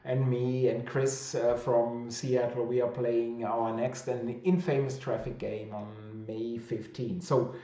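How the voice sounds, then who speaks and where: Man, thick German accent, casual stream host, slow, roomy echo. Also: medium pitch, flat delivery, dark tone. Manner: hesitant with many fillers and restarts, laughs easily. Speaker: host of a weekly publisher chat. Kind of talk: casual livestream chat reading viewer comments.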